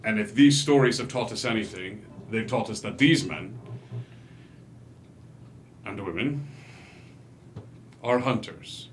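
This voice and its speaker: Big hunter leader, voiced by a man, broad-shouldered, measured, grandiose, tabletop game. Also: lowish voice, a little hiss or hum. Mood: solemn.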